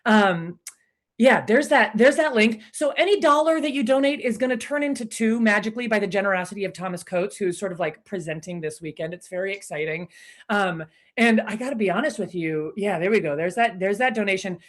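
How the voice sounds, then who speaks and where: A woman's voice: mid-range voice, lively intonation, a little fast. Bubbly chatty woman hosting a live stream. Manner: bubbly, chatty, easily distracted. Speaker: online improv show host. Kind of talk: live stream welcome and shout-outs. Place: her living room.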